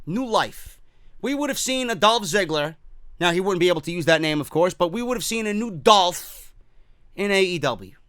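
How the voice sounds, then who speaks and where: Brief: fired-up male ranter, bright high voice, dry close sound. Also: animated, moderate pace, clean tone, no echo. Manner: heated, profane, repetitive ranting; mocking quoted voices. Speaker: wrestling commentary host. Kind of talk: ranting opinion show.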